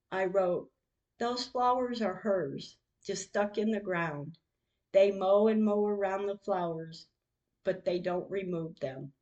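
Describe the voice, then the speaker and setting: Woman, podcast host, reads text messages aloud, emotional, heartfelt, unhurried. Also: medium pitch, darkish tone, lo-fi sound. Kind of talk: reading out her own text messages.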